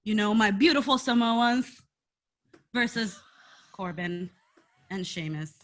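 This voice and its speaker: A woman's voice: medium pitch, animated, slow pace. A woman co-hosting a podcast in playful casual chat, swearing, gushing and laughing often. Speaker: podcast co-host.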